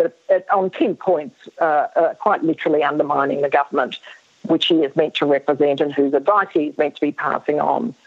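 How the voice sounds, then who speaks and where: A woman's voice: sits low, breathy edge. A woman historian, losing her voice, speaks emphatically as a guest in a radio interview and often restarts her sentences. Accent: Australian. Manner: emphatic, many restarts and fillers. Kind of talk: radio interview over the phone. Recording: tinny phone line.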